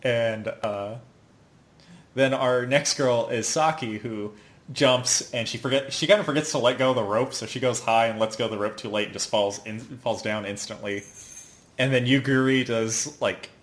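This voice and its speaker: Man, podcast host, casual rambling recap, laughs a lot, mid-pitched. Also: moderate pace. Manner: rambling, laughing, acting out characters' lines. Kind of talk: casual chat recapping an anime episode.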